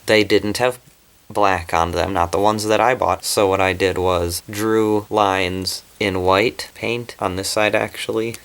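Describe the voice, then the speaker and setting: Giggly guy with a slight lisp rambling about his cosplay, kinda low voice, filmed in a cramped bedroom corner. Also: steady tone, measured pace, fairly bright tone, clear, resonant tone. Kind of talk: casual vlog.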